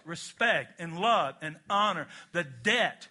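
A man's voice: high voice, animated, unhurried, bright, forceful tone. A middle-aged man preaching a sermon, emphatic and folksy, with jokey asides and call-and-response to the congregation. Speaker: pastor.

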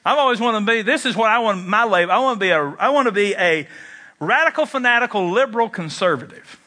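A man preaching a sermon, animated and jokey, jumping into mock voices and leaping in pitch. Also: fast talker. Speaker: pastor.

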